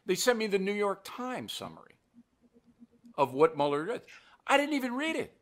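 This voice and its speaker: Older male host, bright and animated, blunt and mocking delivery. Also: sits high, moderate pace. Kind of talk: political commentary show.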